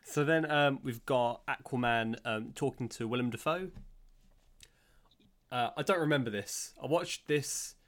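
A man's voice: mid-range voice, unhurried, fairly bright tone. A man co-hosting a casual film podcast, easygoing, laughing often and sometimes unsure of details. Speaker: podcast co-host. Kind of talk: casual film commentary chat.

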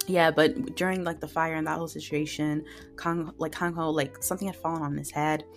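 A woman's voice: low-pitched, level tone, a little fast, faint music behind. A woman hosting a podcast, recapping TV dramas in a chatty, emotional way full of fillers. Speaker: podcast host reviewing dramas. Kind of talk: casual solo recap.

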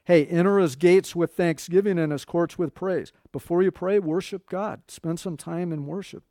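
Middle-aged guy pastor preaching, chatty, higher voice, dry sound. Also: normal speed, warm tone, no echo. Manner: conversational preaching, quoting scripture. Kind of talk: sermon.

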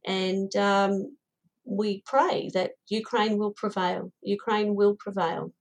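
A woman's voice: medium pitch, fairly even intonation, takes it slowly, rough recording. A woman who organises her Ukrainian diaspora community, answering interview questions in an impassioned, earnest way and often repeating words.

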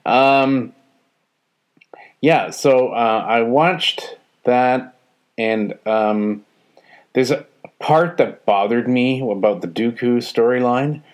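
A man's voice: mid-range voice, slow pace. A man giving a casual spoken review, hesitant and full of ums and restarts, frank and mildly exasperated. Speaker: show reviewer.

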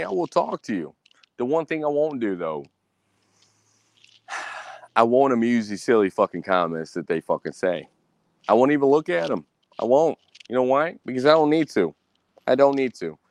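A man's voice: animated, moderate pace, dry recording. A man hosting a solo podcast, ranting angrily and boastfully with constant cursing and repeating himself. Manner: mimics others in a high voice. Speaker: podcast host. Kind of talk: profane solo podcast rant.

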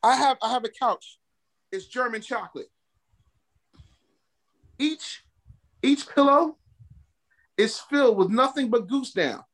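Brash high-voiced woman podcast host. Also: animated, slow, pauses often. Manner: brash, swaggering and profane. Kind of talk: casual chat.

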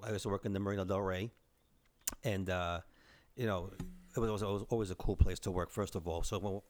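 A man in his forties from the Bronx with a New York accent, excitedly telling stories in casual chat. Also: low-pitched, fast talker, a little hiss or hum. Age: 40s. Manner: excitable storyteller, says bro and man, mild swearing. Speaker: podcast co-host.

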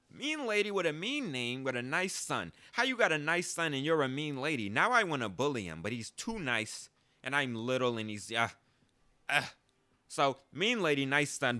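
A man in his twenties hosting a podcast, telling a story in a casual, profane, animated way and jumping into high mocking voices. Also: dry recording. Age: 20s. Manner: animated, profane, jumps into high mock voices when quoting. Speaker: podcast host. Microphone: close podcast mic.

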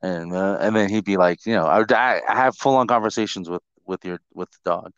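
A man co-hosting a podcast in casual chat, joking and teasing and often jumping into high mock voices. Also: fairly quick, fairly bright tone, clean tone, no room sound, dull audio. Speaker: podcast co-host.

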